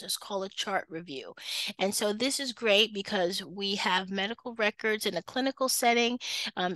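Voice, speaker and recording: A woman's voice: mid-range voice, bright, forceful tone, no room sound, rough recording. A woman teaching a nursing lecture in a conversational way, often checking in with "okay" and "right" and acting out what nurses and patients say. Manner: acts out patient and nurse lines in quoted voices. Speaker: nursing instructor. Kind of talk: recorded lecture.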